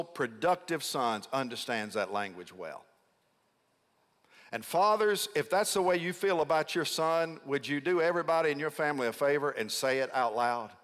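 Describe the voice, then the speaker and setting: A middle-aged man preaching a sermon as a pastor. He stresses key words by slowing down and calls on the congregation to answer back. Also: medium pitch, fairly bright tone. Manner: emphatic, prompts congregation responses. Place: large church sanctuary. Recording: long hall reverb.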